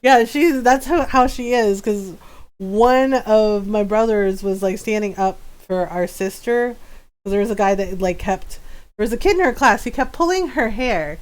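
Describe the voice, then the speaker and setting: A woman's voice: medium pitch, moderate pace. A woman streaming a game, chatting casually with viewers, telling stories and laughing often. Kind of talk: casual gaming stream chat.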